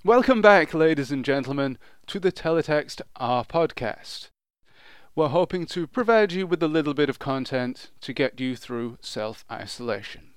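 A man hosting a casual podcast with an upbeat, presenter-style delivery. His voice sits a little high and sounds smooth and clear. The recording is dry and close. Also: animated, normal speed, no room sound. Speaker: podcast host.

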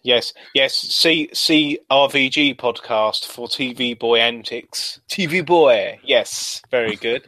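A man co-hosting a casual podcast chat, chatty with quick asides. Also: mid-range voice, pushed and bright, no room sound. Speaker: podcast co-host.

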